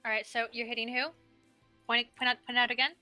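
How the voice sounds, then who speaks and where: A young woman runs a tabletop game with playful, laughing narration. Her voice rides high and sounds very bright. The sound is dry and close, with no room echo. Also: level tone, fast talker, faint music behind. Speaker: game master.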